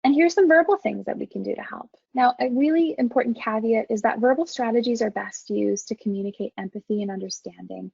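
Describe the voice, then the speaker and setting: A woman teaching an online training webinar as a counseling faculty member, speaking in a calm, measured, gentle way. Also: a little high, vocal fry, husky, no echo, highs cut off.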